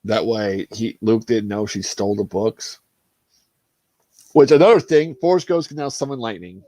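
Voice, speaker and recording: A man chatting casually on a livestream, animated and swearing, acting out film scenes with laughter. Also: on the low side, moderate pace, no echo. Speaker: streamer.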